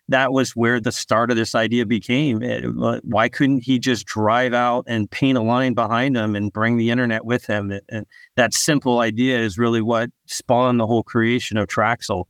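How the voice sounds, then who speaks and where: A man, a startup founder, answering podcast interview questions in a relaxed storytelling way, often repeating a word as he restarts. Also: medium pitch, normal speed, smooth, dry recording, studio quality.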